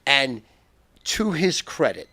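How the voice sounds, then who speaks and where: An older man telling wild stories as a podcast guest, loud and profane and laughing often. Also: mid-range voice, sing-song, slow pace, husky, no room sound. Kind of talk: boisterous storytelling.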